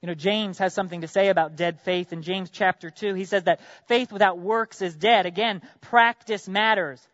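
A man preaching a sermon as pastor, earnest, asking his congregation direct questions, swinging from loud emphatic bursts to quiet drops. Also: high voice, steady tone, normal speed, few pauses, no room sound, highs cut off.

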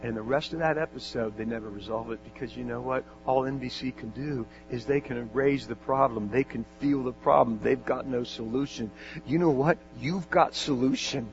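A man's voice: mid-range voice, moderate pace, soft background music. A male pastor preaching a sermon in an earnest manner, building up to fervent exhortation and prayer. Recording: dull lo-fi with mains hum.

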